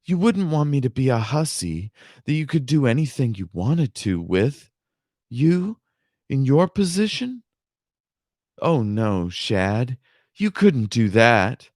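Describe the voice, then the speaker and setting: A man's voice: medium pitch, expressive, slow pace, a little mellow, no room sound, studio quality, voice pushed up. A man doing a coy young woman. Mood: pleading. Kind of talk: audiobook reading with character voices.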